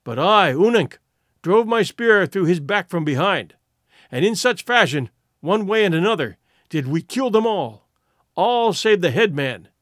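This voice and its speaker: Fierce wounded warrior, boastful then grim, voiced by a man reading a storybook; high, very lively delivery. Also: measured pace, no room sound, studio quality. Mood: grim storytelling. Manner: fierce, boastful proclamations, flat when grim.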